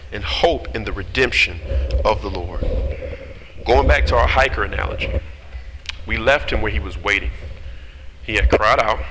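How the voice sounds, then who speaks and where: A man preaching a sermon in a church hall, animated and full of rhetorical questions to his congregation. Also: lowish voice. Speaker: pastor. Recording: reverberant hall with steady noise.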